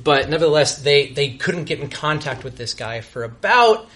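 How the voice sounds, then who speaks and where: Man, young adult, bright voice, self-deprecating, halting restarts, live storytelling. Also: on the high side, sing-song. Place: live show before a laughing audience.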